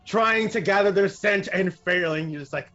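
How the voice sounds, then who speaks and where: Relaxed higher-voiced man playing a tabletop game. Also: normal speed, soft background music. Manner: relaxed, full of uh fillers. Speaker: player. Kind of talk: casual tabletop play. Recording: muffled lo-fi stream audio.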